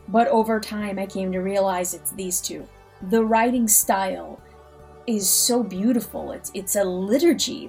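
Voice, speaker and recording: A young adult woman who hosts a reading channel, talking in a casual ad-libbed way with plenty of enthusiasm. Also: mid-range voice. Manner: enthusiastic, animated. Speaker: audiobook reader and channel host.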